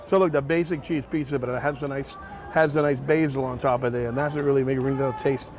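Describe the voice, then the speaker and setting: A man's voice: medium pitch, steady tone, fast talker. A man hosting a casual festival vlog outdoors, chatty and enthusiastic as he tastes and praises food. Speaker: vlog host.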